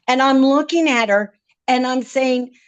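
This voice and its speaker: A woman's voice: high voice, a little slow, clean tone, lo-fi sound. A woman, a podcast guest, vividly recounting a frightening personal story, often stammering and repeating words.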